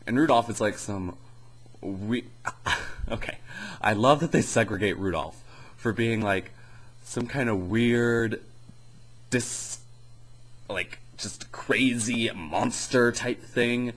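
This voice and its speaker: Husky sarcastic young man reviewing. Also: mid-range voice, slow pace, long pauses, low-quality recording. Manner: sarcastic, rambling, animated. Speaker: video reviewer. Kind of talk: casual comedic review.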